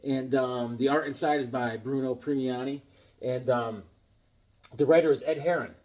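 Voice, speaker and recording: Speaking at a moderate pace in a steady, mid-range voice with a darkish tone, this weary middle-aged comic collector rambles through a casual show-and-tell of old comic books. He jokes around and reads lines from the comics aloud for his vlog.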